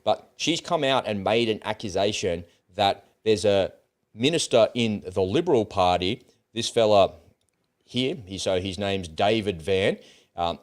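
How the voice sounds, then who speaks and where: A man's voice: fairly low pitch, lively intonation, measured pace. An Australian man hosting a political commentary livestream, talking bluntly in casual, ranting speech and swearing freely.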